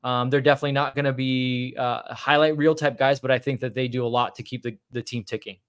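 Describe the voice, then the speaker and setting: A man co-hosting a casual postgame podcast, his voice sitting in an ordinary middle register. He talks at an easy pace, thinking aloud and filling pauses with "um" and "uh.". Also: mid-range voice, fairly even intonation, fairly bright tone, clean tone. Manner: easygoing, thinks aloud with fillers. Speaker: podcast co-host.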